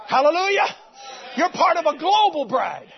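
A man preaching a sermon to his congregation, swinging between loud exclamations and quiet, low passages. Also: normal speed, vocal fry. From United States. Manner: animated preaching, swings between shouting and hushed. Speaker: pastor. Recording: dull lo-fi recording.

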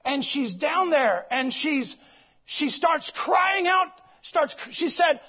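A man preaching, moving from shouted exclamations to hushed storytelling and repeating his phrases. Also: very high voice, expressive, slow, muffled recording. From United States. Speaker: visiting preacher. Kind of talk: sermon storytelling.

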